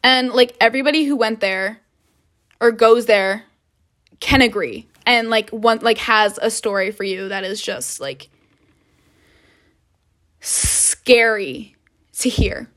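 Young woman ranting about school stuff, kinda high voice, says like a lot, swears, dramatic. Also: slow pace, pauses often, fairly bright tone. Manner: heavy filler "like", swearing, dramatic retelling. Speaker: vlogger. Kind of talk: casual storytime rant.

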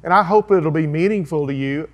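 A man's voice: on the high side, brisk. A man, a pastor giving a folksy, earnest sermon-style talk with chatty asides.

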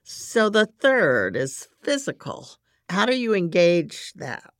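A woman hosting an interview, speaking gently and repeating words as she starts sentences. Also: on the low side, very animated, takes it slowly, dry recording, studio quality. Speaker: podcast host. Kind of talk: conversational interview.

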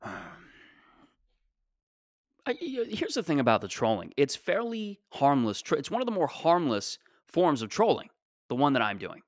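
A man's voice: fairly high pitch, wildly swooping pitch, moderate pace, pauses often, no echo, clean studio sound. Rambling joking young man podcaster. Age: 20s. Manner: rambling, joking, self-deprecating. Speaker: podcast host. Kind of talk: casual solo podcast talk.

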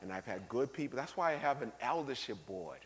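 A man preaching a sermon as bishop, animated, acting out the people he quotes, swinging between loud bursts and quiet asides. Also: medium pitch, a little fast. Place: large church sanctuary. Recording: long reverb of a large hall.

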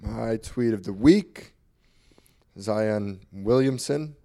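A young man co-hosting a sports podcast in casual chat, laid-back with deadpan comebacks. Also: lowish voice, very slow, creaky. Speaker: podcast co-host.

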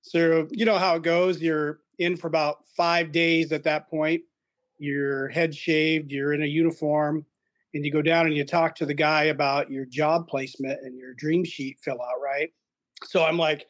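A man's voice: fairly high pitch, level tone, normal speed. A middle-aged man telling stories as a podcast guest, chuckling often and acting out what others said. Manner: chuckling, acts out quoted dialogue. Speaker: podcast guest, retired aircrew. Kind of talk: casual storytelling chat.

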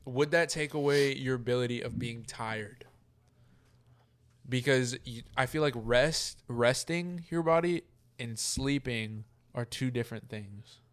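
A man's voice: mid-range voice, measured pace. Laid-back man co-hosting a podcast. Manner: loose, filler-heavy, swears casually. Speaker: podcast co-host. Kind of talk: casual chat.

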